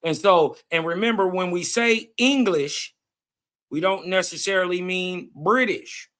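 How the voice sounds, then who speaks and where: A man's voice: high voice, a little slow, a bit bright. A man co-hosting a casual group discussion, explaining points in a slangy, agreeable way. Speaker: podcast co-host.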